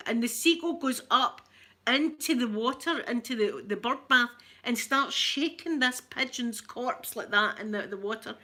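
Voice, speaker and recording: A Scottish woman with a Scottish accent hosts a casual livestream chat. Her voice is bright and clear-edged, and she talks in a chatty, animated way as she tells stories. She sounds middle-aged. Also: a little high, moderate pace. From Scotland. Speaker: ASMR channel host.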